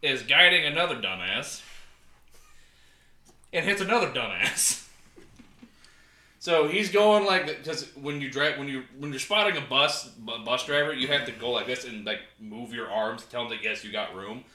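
A man's voice: medium pitch, lively intonation, normal speed, pushed and bright, roomy sound. A man telling a crude work story in casual chat, laughing and acting out what people said. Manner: crude, laughing, acts out quotes. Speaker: podcast co-host.

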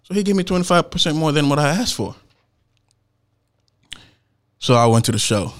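A man's voice: a little high, moderate pace. A man, a performance poet, telling a story in a casual, slangy way. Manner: slangy, animated retelling with laughs and acted-out quotes.

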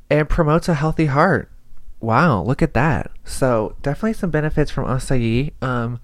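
On his casual solo podcast, a young male host rambles and pokes fun at himself. He has a mid-range voice, and the recording is dry.

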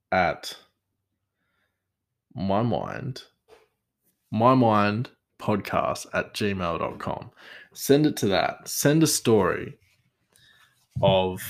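An Australian man hosting a podcast, telling stories in a rambling, self-deprecating way and laughing often. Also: low voice. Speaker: podcast host. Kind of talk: casual storytelling.

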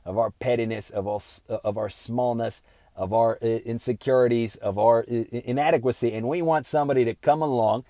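A man's voice: medium pitch, a little fast, warm tone, no echo, clean studio sound. A man giving an earnest, unscripted moral talk, piling up rhetorical questions, often checking in with "right?", and restarting his sentences with many fillers.

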